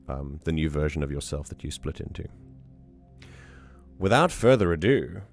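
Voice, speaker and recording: A hoarse man who is losing his voice, hosting a casual livestream and teasing his chat in a playful, talkative way. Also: low-pitched. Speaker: livestream host.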